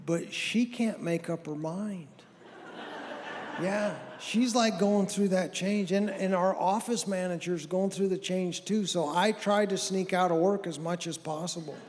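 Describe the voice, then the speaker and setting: Middle-aged male comic, high voice, folksy self-deprecating storyteller in a reverberant church hall. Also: a little slow, a little mellow, a little hiss or hum. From American Southwest. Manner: folksy, self-deprecating, acts out others' lines. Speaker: stand-up comedian. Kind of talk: stand-up storytelling.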